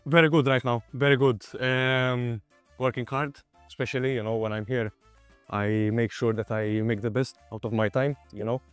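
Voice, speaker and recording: A young man in his late teens from Malta with a Maltese accent, answering interview questions in a relaxed, friendly way. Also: mid-range voice, normal speed, smooth, no echo, faint music behind. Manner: relaxed, friendly, says "you know" often. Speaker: water polo player, guest.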